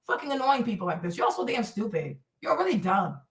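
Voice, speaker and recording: A woman's voice: a little high, very animated, brisk, roomy sound, far from the mic. A woman streamer ranting at a clip in a profane, confrontational way and repeating her insults. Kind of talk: livestream rant.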